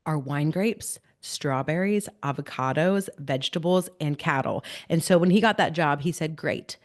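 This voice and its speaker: A woman's voice: low-pitched, normal speed. A woman from California in her thirties, a motivational speaker chatting in an upbeat, encouraging way as a podcast guest. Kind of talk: podcast interview.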